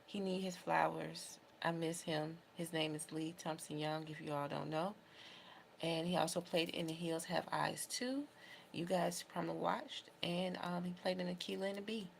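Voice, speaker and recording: A woman's voice: lowish voice, steady tone, normal speed, vocal fry, a little hiss or hum. A young adult woman vlogging casually to camera, talking in an emotional, heartfelt, rambling way. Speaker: beauty vlogger.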